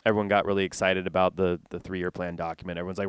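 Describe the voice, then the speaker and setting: Rambling stand-up comedian man, smooth dry sound. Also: low-pitched, little pitch movement, rapid-fire, no room sound. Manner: rambling, self-interrupting, laughs at own jokes. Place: conference stage.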